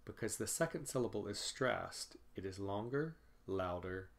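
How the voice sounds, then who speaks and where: A man teaching English pronunciation in a recorded lecture, speaking deliberately and repeating example words. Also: lowish voice, expressive, creaky.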